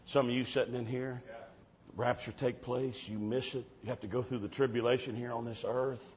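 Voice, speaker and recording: A man preaching a storytelling sermon, swinging from hushed tones to shouting. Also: mid-range voice, little pitch movement, normal speed, muffled recording, a little hiss or hum.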